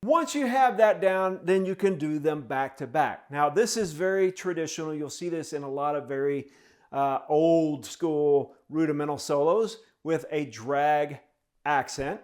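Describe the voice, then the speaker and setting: A man's voice: a little high, unhurried, darkish tone. A man teaching a drum lesson step by step, speaking the rhythms aloud in syllables as he demonstrates them.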